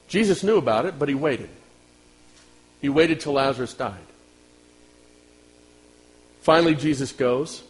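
A man preaching a sermon as pastor, talking directly to his congregation and swinging from loud outbursts to hushed lines. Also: mid-range voice, measured pace, long pauses, rough recording.

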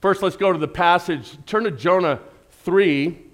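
A man's voice: sits high, measured pace. Middle-aged man as pastor, conversational sermon, playful asides, big dynamic swings. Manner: conversational preaching with humor and rhetorical questions; dynamic, swinging from loud emphatic to soft.

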